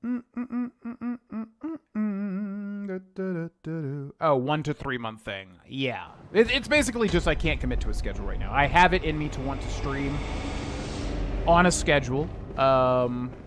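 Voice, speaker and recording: Brief: young male streamer, casual rambling commentary, mid-range voice, bursts of excitement, faint room hum. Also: medium pitch. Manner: rambling, chatty, sudden excited outbursts. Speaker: game streamer.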